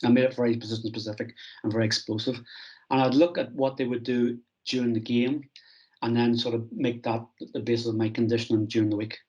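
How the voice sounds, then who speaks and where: A middle-aged man recounts his coaching days in an interview, animated and full of restarts. His voice sits at an ordinary pitch. The recording sounds dull and lo-fi. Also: fast. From Ireland. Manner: animated anecdotes, frequent restarts and "I goes". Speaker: strength and conditioning coach, guest. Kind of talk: conversational storytelling interview.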